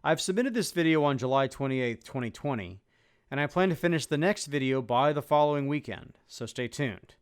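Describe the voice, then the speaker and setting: A man hosting his own channel, reading a scripted introduction in an earnest, measured way. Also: mid-range voice, lively intonation, clear, resonant tone. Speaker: YouTube channel host.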